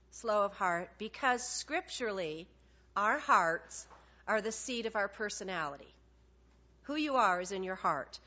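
A woman preaching a sermon, animated and conversational, acting out little dialogues with God. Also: fairly high pitch. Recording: dull lo-fi sound.

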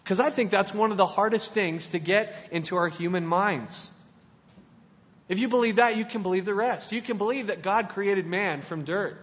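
A high-pitched man preaches in a casual, playful way, circling back and restarting his sentences as he talks. His voice carries a long reverb from a hall, and the recording sounds dull and lo-fi. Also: normal speed, fairly bright tone. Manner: playful and conversational, with many restarts. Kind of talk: casual sermon.

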